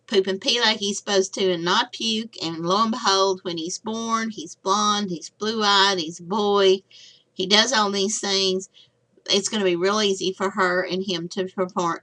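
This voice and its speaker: A woman's voice: mid-range voice, pushed and bright. An older woman giving a recorded slide lecture as a nursing instructor, chatty with folksy asides.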